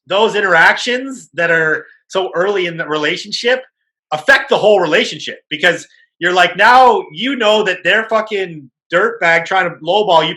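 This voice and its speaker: Man, podcast host, casual and profane, with a bright, tense edge to a fairly high voice. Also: rough recording.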